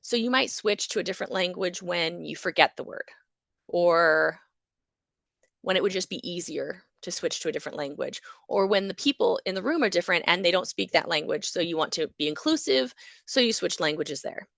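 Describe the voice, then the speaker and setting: A woman giving a university lecture on psychology, her voice carrying a gravelly, creaky texture. She explains in a lively way and acts out small examples as she goes. The sound is close and dry, with no room around it. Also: fairly low pitch, fairly quick, no room sound. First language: English.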